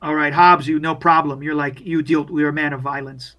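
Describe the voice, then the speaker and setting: A man's voice: on the high side, fairly even intonation, fairly quick, dull audio. A young man narrating a horror tabletop game as game master, in a loose, profane, filler-heavy way.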